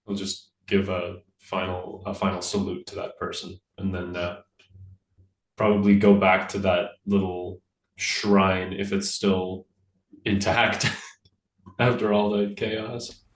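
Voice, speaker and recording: Deep slow guy playing a tabletop game, sounds far from the mic, echoey. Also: little pitch movement. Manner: slow, halting speech. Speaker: player. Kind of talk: casual tabletop play. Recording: distant roomy mic.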